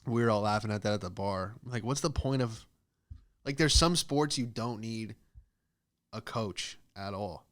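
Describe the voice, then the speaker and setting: A young American man hosting a podcast, telling rambling comedic stories and acting out the people in them with squeaky high voices. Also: measured pace, a bit bright. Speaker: podcast host. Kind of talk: casual comedic monologue.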